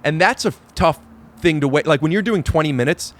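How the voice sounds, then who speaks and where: A man's voice: a little high, expressive, a little fast. A man hosting a podcast, talking earnestly in a rambling way with many restarts, outdoors on a balcony. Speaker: podcast host. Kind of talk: casual chat.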